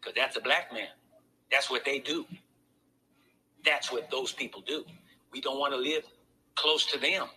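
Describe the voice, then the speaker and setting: A man's voice: medium pitch, unhurried, pauses often, pushed and bright, rough recording. A man pastor preaching a sermon to his congregation, talking it through in a conversational way with pointed asides.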